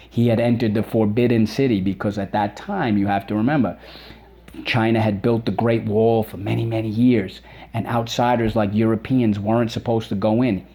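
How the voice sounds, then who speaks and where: Mellow-voiced man teaching a spelling lesson. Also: fairly low pitch. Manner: drills words aloud, repeats them slowly and emphatically; encouraging, asks questions and praises.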